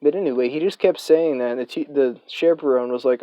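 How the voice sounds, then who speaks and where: Young male storyteller, casual and filler-heavy, mellow and dry. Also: medium pitch, steady tone, quick pace, few pauses, no room sound. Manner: rambling, profane, filler-heavy.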